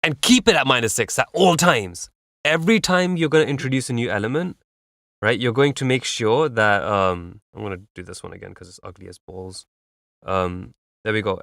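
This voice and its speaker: A man's voice: mid-range voice, fairly bright tone, no room sound, studio quality. A man giving loose, instructive mixing feedback on a track, humming beats and using plenty of fillers. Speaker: music feedback streamer. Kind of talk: casual mixing advice.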